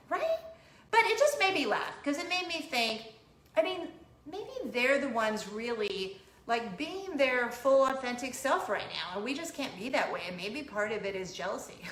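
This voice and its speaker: A woman's voice: a little high, sharp tone. Bubbly, giggly woman vlogger. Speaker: host, mother. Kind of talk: casual chat vlog. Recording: roomy room with faint hum.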